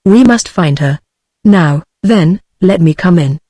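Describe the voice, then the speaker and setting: A text-to-speech voice of a woman with a British English accent reading the lines of a calm, grim, practical man, with no change of voice. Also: on the low side, slow, dry recording. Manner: flat synthetic reading of dialogue.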